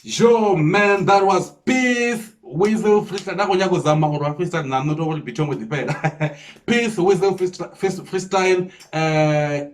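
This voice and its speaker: A South African man reacting to a freestyle, explaining the lyrics line by line and repeating himself with excited disbelief. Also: high-pitched, a little slow. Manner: repeats 'come on, man' with disbelief. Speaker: music reaction host. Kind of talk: casual reaction commentary.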